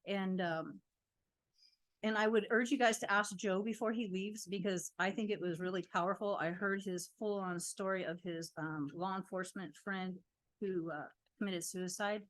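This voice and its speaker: Woman at the podium during public comment, heated and animated, mid-range pitch. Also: moderate pace. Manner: animated storytelling, indignant. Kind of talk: public comment at a council meeting.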